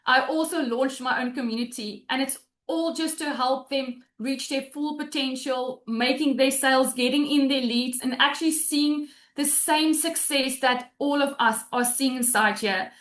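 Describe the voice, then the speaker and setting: Woman, high voice, tearful heartfelt testimonial, video call from an echoey room. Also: normal speed, hardly any pauses, fairly bright tone. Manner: heartfelt, close to tears, with restarts. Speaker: guest sharing a testimonial. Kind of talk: emotional personal testimonial on a webinar.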